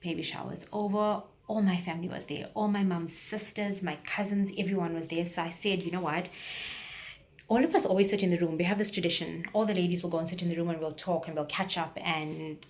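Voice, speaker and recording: A woman's voice: fairly low pitch, steady tone, a little fast, darkish tone. A woman, telling a personal story on her vlog in a chatty, rambling, frank way. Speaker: vlogger.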